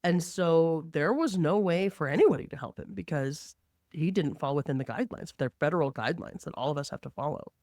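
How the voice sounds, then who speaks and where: A woman who works as a mortgage lender, telling a work story in an animated, conversational way and acting out the quotes. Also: low-pitched, a little fast, no echo, clean studio sound.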